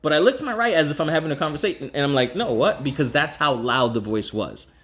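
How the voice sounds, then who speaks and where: A middle-aged man telling a personal story in a casual, frank way, acting out the people he quotes with a raised pitch. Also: expressive, quick pace, fairly bright tone. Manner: casual, frank, occasional swearing.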